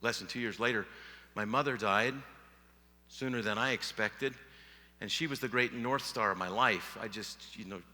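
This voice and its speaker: A middle-aged man speaking at a conference, telling a personal story in an earnest way that sinks to a hush at sad points. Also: on the low side, moderate pace. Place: large hall before a live audience. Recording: long hall reverb.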